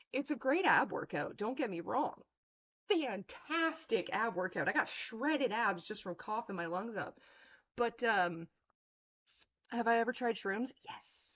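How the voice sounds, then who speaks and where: A woman's voice: on the high side, a bit bright, muffled recording. A woman in her thirties on a livestream, ranting in a blunt, profane, confrontational way. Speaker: streamer.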